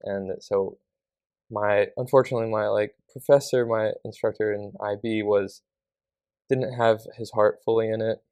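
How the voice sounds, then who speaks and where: Earnest young man, lower voice. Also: fairly even intonation, normal speed, a little mellow, smooth, no echo. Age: young adult. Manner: earnest, with lots of "like" fillers. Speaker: podcast guest. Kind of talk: casual interview answers.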